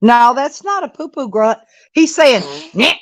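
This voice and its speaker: A woman's voice: high voice, expressive, a little slow, dry recording, poor audio. Older woman cooing baby talk. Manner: sing-song baby talk to a grandchild, laughing often. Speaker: vlogger and grandmother. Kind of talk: casual live-stream chat.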